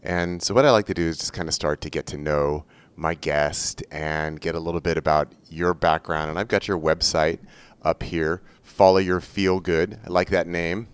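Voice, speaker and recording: A man in his forties from the United States, hosting a podcast in an easygoing, chatty way with frequent filler pauses. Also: low-pitched, steady tone, clean tone. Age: 40s. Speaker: podcast host. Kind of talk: casual podcast talk.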